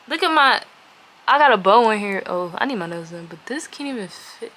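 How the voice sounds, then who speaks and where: A woman vlogger casually chatting to her viewers as she unboxes items, getting easily excited. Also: mid-range voice, fairly quick. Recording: noisy room with packaging crinkles.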